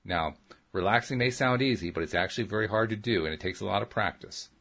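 A man voicing a calm, patient female counselor who gives slow, soothing instructions in an audiobook. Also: on the low side. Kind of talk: audiobook character reading.

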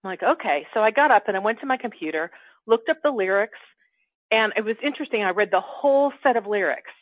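A woman telling a personal story in casual spiritual chat, acting out her inner dialogue with animated quoted voices. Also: mid-range voice, fast, dry recording. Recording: dry, tinny phone-like line.

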